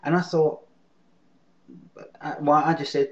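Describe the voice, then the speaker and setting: A man's voice: on the high side, little pitch movement, moderate pace, long pauses. A man with a Glaswegian Scottish accent telling a rambling, sweary story to his webcam audience and answering viewer comments. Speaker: webcam show host. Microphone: webcam mic. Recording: lo-fi webcam recording.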